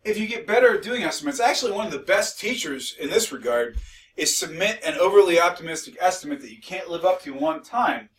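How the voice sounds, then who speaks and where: A man's voice: sits high, expressive, brisk, fairly bright tone, far from the mic, rough recording. A male instructor giving a recorded lecture, conversational and mildly sarcastic, with frequent restarts.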